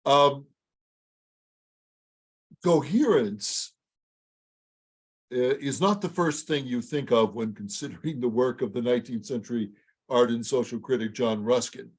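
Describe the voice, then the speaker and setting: Male lecturer, congested and raspy, reading a measured talk. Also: mid-range voice. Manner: measured, reads quotations aloud. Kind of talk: prepared public lecture.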